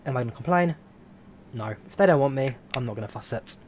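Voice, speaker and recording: A man hosting a flight sim stream, chatting in a relaxed, rambling way as he answers viewers one by one. His pitch sits right in the middle, neither high nor low. A faint hum runs under his voice. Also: fast talker. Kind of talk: casual live-stream chat.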